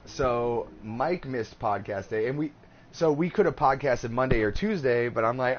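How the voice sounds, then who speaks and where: A man co-hosting a casual podcast, telling an animated, profane story. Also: medium pitch, normal speed. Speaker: podcast co-host. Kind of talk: casual chat. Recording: dull lo-fi live stream audio.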